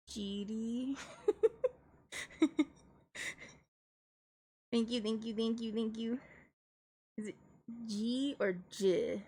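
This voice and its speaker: Woman VTuber, casual stream chat, slightly high voice, unhurried delivery, giggles often. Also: mellow. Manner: chatty, giggly, slow and drawn out.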